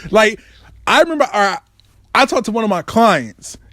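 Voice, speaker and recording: A man's voice: moderate pace, no room sound, clean studio sound. A man hosting his own show, telling a personal story in a profane, slangy monologue. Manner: animated, swings between high and low registers; swears freely, slangy.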